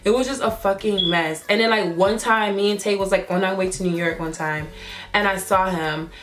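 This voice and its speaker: A woman's voice: medium pitch, normal speed. Profane young woman telling a story. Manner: profane, animated retelling with acted quotes. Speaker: vlogger. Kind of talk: storytime vlog.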